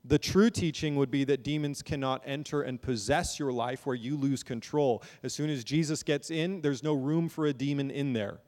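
A man's voice: mid-range voice, normal speed, few pauses, a little mellow, big-room sound. A man preaching a sermon from a pulpit in a church, earnest and building emphasis, often repeating words as he goes. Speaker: pastor. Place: church sanctuary.

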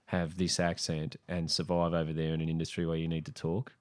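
A man's voice: extremely low pitch, level tone, brisk. A middle-aged Australian man, a comedian and podcast guest, talking in a dry, wry way with some casual swearing. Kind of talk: casual chat.

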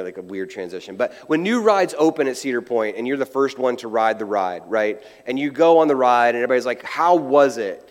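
Guy preaching in a church, chatty, keeps restarting, kinda high voice, big echoey hall. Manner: conversational preaching with acted-out quotes and frequent restarts. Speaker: pastor. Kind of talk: sermon.

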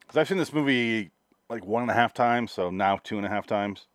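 A man's voice: on the low side, brisk, dry recording. A man co-hosting a podcast, talking through films in a laid-back, joking way with some swearing. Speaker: podcast co-host. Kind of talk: casual movie-review chat.

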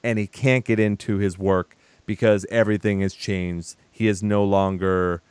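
A man's voice: on the low side, little pitch movement, moderate pace, a little mellow, clean tone, no echo. A man recapping a film in casual chat, animatedly acting out the characters' lines. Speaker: podcast co-host.

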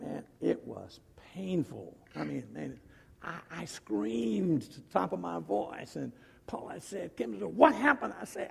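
A middle-aged man preaching a sermon, telling a personal story in an animated way with fillers and restarts, his voice gravelly and husky. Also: on the high side, slight background noise. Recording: long reverb of a hall.

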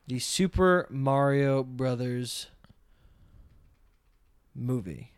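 A man's voice: medium pitch, very slow, smooth, no echo, studio quality. A man co-hosting a casual movie podcast, upbeat and leading the segments. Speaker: podcast co-host.

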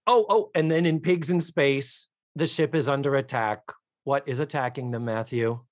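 A man co-hosting a podcast in casual chat, enthusiastic and animated, swearing freely. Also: mid-range voice, normal speed, no echo, studio quality. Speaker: podcast co-host.

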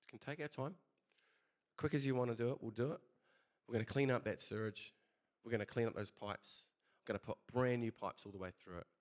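A preacher doing a laid-back plumber Jesus. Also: male voice, medium pitch, fairly even intonation, brisk, pauses often, a little mellow, close to an everyday voice. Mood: reassuring. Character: Jesus as a friendly, easygoing male plumber.

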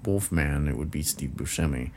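A man co-hosting a podcast in casual chat, halting and full of fillers, with dry jokes. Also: extremely low pitch, a little mellow, slight background noise. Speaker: podcast co-host.

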